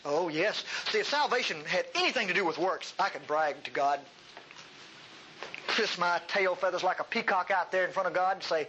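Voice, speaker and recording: A man's voice: sits high, sing-song, fairly quick, bright, forceful tone, slight background noise, rough recording. A male pastor preaching a sermon in a folksy, humorous and emphatic way.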